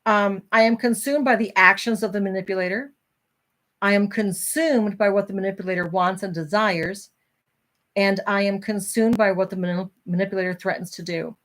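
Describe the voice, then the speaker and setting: A woman's voice: medium pitch, fairly even intonation, moderate pace, fairly bright tone. A middle-aged woman hosting a casual talk, reading from a self-help book and chatting candidly with her viewers.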